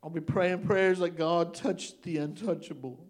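Impassioned, fairly high-voiced male pastor. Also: steady tone, unhurried. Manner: impassioned preaching with rising exclamations; emotional and tender-hearted. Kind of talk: sermon.

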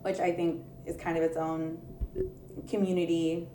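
A woman's voice: fairly low pitch, little pitch movement, normal speed, dark tone, roomy sound, slight background noise. A woman co-hosting a casual podcast chat, easygoing and agreeable, often trailing off with "um".

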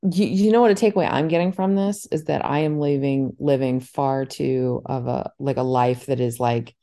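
A woman co-hosting a casual book podcast, rambling and animated with lots of fillers. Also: very deep voice, normal speed. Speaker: podcast co-host. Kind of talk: casual book club chat.

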